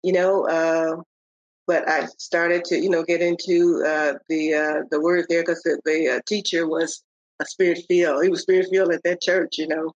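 An older woman, a podcast guest, telling the story of her faith in a halting way, with many pauses and restarts. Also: low voice, flat delivery, dry recording. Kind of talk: telling a personal faith testimony. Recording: dull, lo-fi audio.

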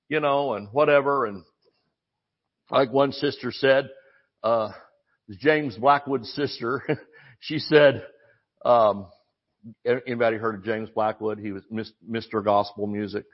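Older man, folksy preacher, rambles with restarts, middle pitch, slightly dull recording. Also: steady tone, measured pace, pauses often. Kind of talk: sermon.

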